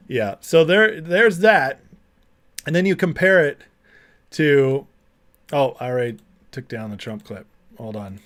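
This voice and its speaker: A man's voice: medium pitch, very animated, measured pace. A man hosting a livestream, talking casually, reading chat and mocking clips with frequent laughter. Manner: chatty, laughs often, mocking. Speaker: livestream host.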